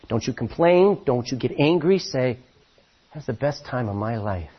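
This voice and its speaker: A man preaching a sermon as pastor, telling stories in an animated way with many restarts, his voice a little husky. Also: medium pitch, moderate pace, dull audio.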